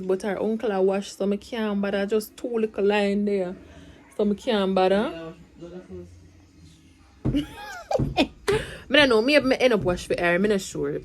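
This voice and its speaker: A young Jamaican woman talking casually to camera in a home vlog, chatty and rambling, slipping into patois. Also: fairly high pitch. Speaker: vlogger, single mother.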